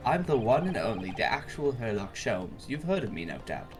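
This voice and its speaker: A man voicing a pompous, eccentric British gentleman detective in a video game, with a grand, theatrical and drawn-out delivery. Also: medium pitch, sing-song, music in the background, close to an everyday voice. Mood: boastful. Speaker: streamer voicing game dialogue.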